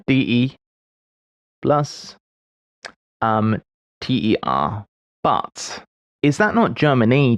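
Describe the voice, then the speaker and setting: A man in his forties thinks aloud as he solves puzzles on a live stream, muttering half-finished thoughts and chuckling at his mistakes. He has a mid-range voice, and there's no room sound.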